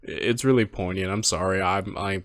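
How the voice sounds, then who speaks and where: A man in his twenties hosting a movie reaction, talking in a rambling, halting, heartfelt way from home. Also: low voice, no room sound. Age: 20s. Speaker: reaction video host. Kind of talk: casual reflective commentary.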